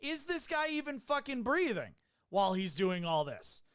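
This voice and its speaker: A man's voice: very high voice, sing-song, moderate pace, a bit bright, clear, resonant tone. A man hosting a podcast, casually recounting a medical call in a loose, profane way with many fillers. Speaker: podcast host.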